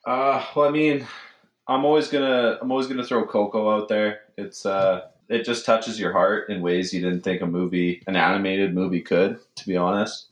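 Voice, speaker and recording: A man's voice: lowish voice, flat delivery, normal speed, roomy sound. A man co-hosting a casual podcast, laid-back and swearing in banter. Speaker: podcast co-host.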